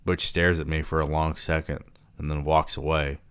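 A man reading a novel aloud and breaking off for relaxed commentary with swearing asides. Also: extremely low pitch, moderate pace, clean tone. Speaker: reader and book commentator.

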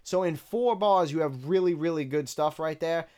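A man casually breaking down rap lyrics bar by bar, candid and relaxed as he counts the rhymes. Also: on the high side, moderate pace, clear, resonant tone. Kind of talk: casual analytical commentary.

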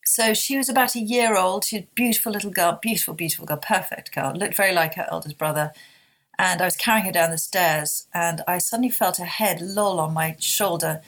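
A woman in her fifties, a guest speaking candidly and heartfelt in an interview, often halting and restarting. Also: on the low side, a bit bright.

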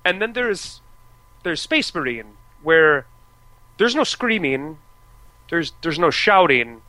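Very animated yet slow-paced, this man from the United States co-hosts a podcast about video games, rambling with fillers and restarts. His slightly high voice has a sharp edge, and the audio is low quality though echo-free.

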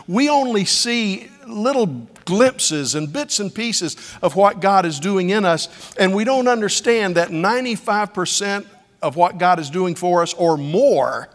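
A middle-aged male preacher delivering a sermon through story, his voice sitting a little high. He moves from soft, hushed lines to sudden loud cries. The sound carries a long reverb, like a large hall. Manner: storytelling preacher, dramatic swings between hushed and shouted.

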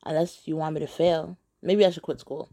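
Defensive young boyfriend, offhand and flat, low mellow voice, as a woman retells him. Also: a little fast. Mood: coaxing.

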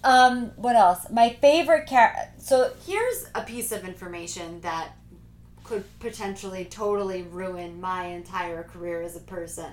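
A woman chatting casually about movies, animated and laughing often. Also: mid-range voice, a little slow. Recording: echoey room with faint noise.

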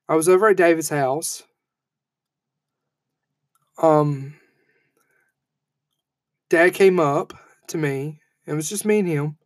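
A man in his thirties giving a heartfelt eulogy, halting and emotional, with frequent fillers and restarts. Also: on the high side, no room sound. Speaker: eulogy speaker. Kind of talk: personal eulogy speech.

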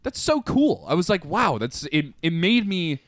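A young man from Canada co-hosting a casual podcast, telling stories in an animated way and acting out what people said. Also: high voice, normal speed, no room sound, clean studio sound. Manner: animated storytelling, acts out quotes, laughs often. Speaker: podcast co-host. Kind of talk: casual chat.

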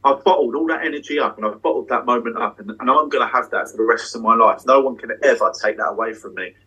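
A husky man with a middle-pitched voice, talking with swagger and freely dropped swear words. He speaks a little back from the mic in a backstage dressing room, excited and open about his stage life. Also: fast talker, distant mic, low-quality recording. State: getting emotional. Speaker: magician and tour guest. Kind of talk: candid casual interview.

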